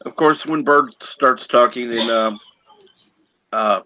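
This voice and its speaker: A man's voice: medium pitch, slow, pushed and bright, a little hiss or hum, rough recording. A man hosting a casual livestream chat with joking, irreverent asides. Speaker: host.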